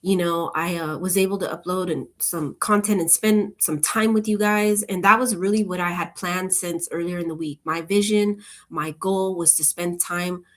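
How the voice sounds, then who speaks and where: A woman chatting casually with her viewers, rambling from one thought to the next in a relaxed, upbeat way. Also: fairly low pitch, moderate pace. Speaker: channel host.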